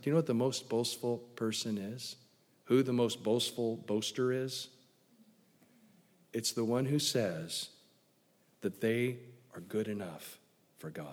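A man preaching a sermon emphatically, swinging from loud declarations to hushed lines. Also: mid-range voice. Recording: long hall reverb.

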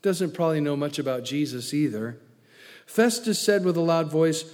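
A man preaching a sermon, telling the story with energy, acting out the quotes and dropping from loud to hushed. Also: a little high, animated, normal speed. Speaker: pastor. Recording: long hall reverb.

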